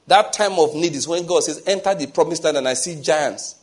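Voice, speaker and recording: A man's voice: on the high side, brisk. A man preaching a sermon, telling personal stories and repeating phrases for emphasis. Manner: storytelling, repeats phrases for emphasis, asks listeners rhetorical questions.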